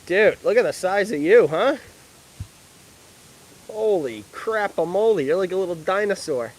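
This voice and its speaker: A man livestreaming outdoors at an animal park, chatting excitedly and calling out to the animals. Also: high-pitched, unhurried, poor audio. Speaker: livestream vlogger. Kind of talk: casual livestream chat.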